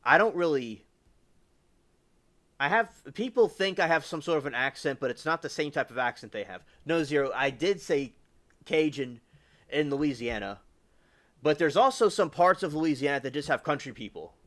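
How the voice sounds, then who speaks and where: A man's voice: on the high side, lively intonation, normal speed, a bit bright. A man from the US South hosting a livestream, rambling casually with lots of fillers and restarts. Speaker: livestream host.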